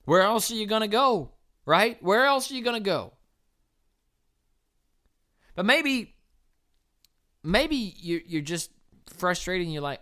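A woman preaching an earnest, encouraging sermon, rising to loud cheering and dropping to soft, quiet appeals. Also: mid-range voice, lively intonation, takes it slowly, long pauses.

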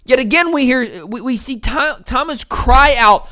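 A young man delivering a sermon, pressing hard on key words and then dropping low and quiet, stretching important words out slowly for weight. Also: lively intonation, no echo, clean studio sound. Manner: swings from loud emphatic peaks to low quiet passages. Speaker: preacher.

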